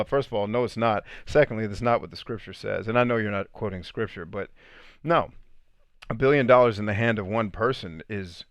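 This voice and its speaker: A man's voice: on the low side, fairly quick, no echo. A man hosting a live podcast stream, reading comments and giving blunt, preachy opinions. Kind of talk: livestream chat.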